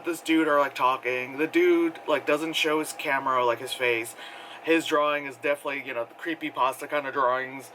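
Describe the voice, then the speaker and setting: Guy rambling about a movie he saw, bright kinda high voice, lots of likes and ums, faint hum behind. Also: low-quality recording. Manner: rambling, filler-heavy, laughs often, mimics characters. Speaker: movie reviewer. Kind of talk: casual spoken film review.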